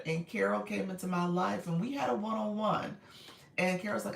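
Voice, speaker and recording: A woman with a raspy, gravelly voice that sits somewhat low, and it sounds a little strained today. She chats casually and warmly with viewers on a live stream, full of encouragement. The sound is roomy and echoey. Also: expressive, moderate pace. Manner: warm, encouraging, greets viewers often. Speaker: live-stream host and coach. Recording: echoey room.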